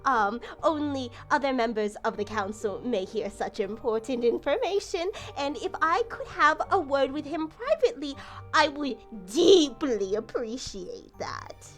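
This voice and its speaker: Girl putting on a stuffy self-important council guy, projecting, kinda high. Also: lively intonation, a little slow, faint music behind. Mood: pompous. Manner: pompous, projecting his voice. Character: self-important male council member, pompous.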